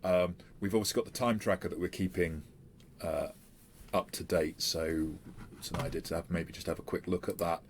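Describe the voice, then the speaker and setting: A man's voice: low voice, steady tone, normal speed, a little hiss or hum. A man running a tabletop role-playing game as game master, chatty and stop-start with many fillers.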